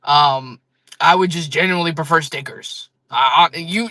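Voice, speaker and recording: A woman's voice: sits low, moderate pace, pushed and bright, dry recording. A woman chatting casually on a live-selling stream, joking, rambling and laughing often.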